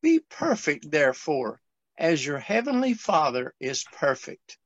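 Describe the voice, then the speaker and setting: A man in a study group reading scripture aloud over a remote call, slow and careful with small slips. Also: fairly high pitch, sing-song, no echo. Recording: dull lo-fi call audio.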